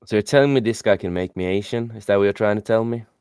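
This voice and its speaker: Man, very low smooth voice, dry close sound, profane, laughs a lot, casual chat. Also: fast, dry recording. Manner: profane, laughs often, animated storytelling. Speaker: podcast co-host.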